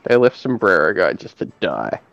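A man joining a movie podcast, dropping deadpan, sweary quips, recorded on a muffled lo-fi mic. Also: deep voice, normal speed, vocal fry, dry recording, faint music behind. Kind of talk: casual movie commentary chat.

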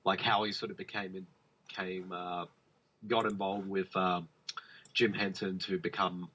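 A man's voice: sits low, flat delivery, unhurried, pushed and bright, a little hiss or hum. A man co-hosting a podcast, rambling about films in casual chat with many fillers and restarts. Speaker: podcast co-host. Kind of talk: casual film review chat. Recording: dull lo-fi podcast audio.

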